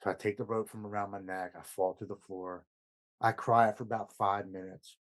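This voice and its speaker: Low-voiced man telling his story earnestly. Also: little pitch movement, normal speed, rough recording. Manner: earnest, emotional storytelling with stammered repeats. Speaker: podcast guest. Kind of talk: personal recovery story.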